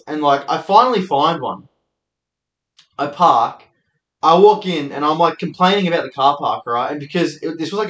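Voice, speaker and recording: A man's voice: on the high side, fairly bright tone, roomy sound, dull audio. A young Australian man hosting his own show, telling rambling stories in a casual, sweary way. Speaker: podcast host and comedian. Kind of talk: solo storytelling monologue.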